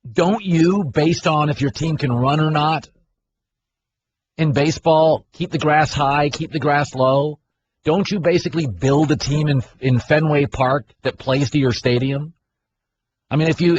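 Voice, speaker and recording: A brash middle-aged man holds forth on sports talk radio, arguing his points and firing questions at the audience. His voice sits a little high. The audio sounds dull and carries a faint hiss. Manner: brash, argumentative, mimics people in loud voices.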